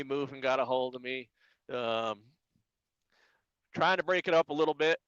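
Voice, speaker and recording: A man who drives a flatbed truck, chatting casually as a guest on a live stream and telling animated stories about life on the road. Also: medium pitch, moderate pace, clean tone, no echo, highs cut off. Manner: animated storyteller, quotes people in voices.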